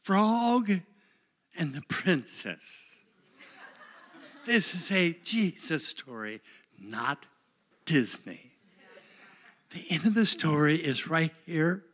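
A middle-aged man preaching a sermon, dramatic and emotional, swinging from shouts down to whispers. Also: fairly high pitch, very animated, takes it slowly, long pauses.

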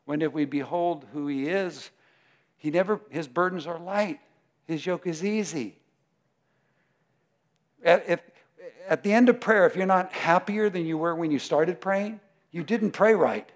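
A male preacher delivering a lively, chatty sermon, laughing as he goes and slipping into other voices. His voice sits fairly high for a man, and he swings from quiet asides to loud, excited bursts. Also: a little slow, pauses often. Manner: animated and conversational, often laughing, acting out voices.

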